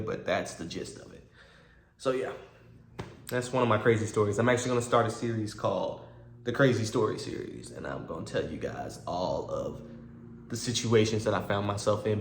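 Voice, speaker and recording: A man telling a personal story to his viewers in a casual, animated way, acting out both sides of old conversations. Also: lowish voice, echoey room, slight background noise.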